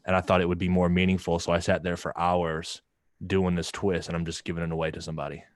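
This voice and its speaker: A laid-back man with a deep voice, chatting casually on a home livestream. He rambles and repeats himself. His mic sounds dry and close, with no room behind it. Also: monotone, quick pace, no room sound. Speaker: livestream co-host and wood craftsman. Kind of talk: casual stoner chat.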